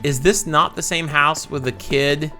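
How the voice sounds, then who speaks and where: A man's voice: a little high, steady tone, unhurried, pushed and bright, faint music behind. A man hosting a let's play, chatting and reacting aloud as he plays through a game. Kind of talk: gaming commentary.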